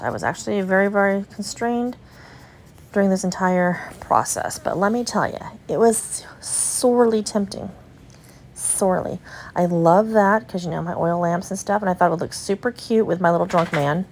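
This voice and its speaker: A woman's voice: mid-range voice, vocal fry, a little hiss or hum. A young adult woman from the United States chatting and gushing to her viewers as she walks through an antique shop in a casual vlog. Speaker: vlogger and resale booth owner. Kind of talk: casual vlog chat while walking a shop.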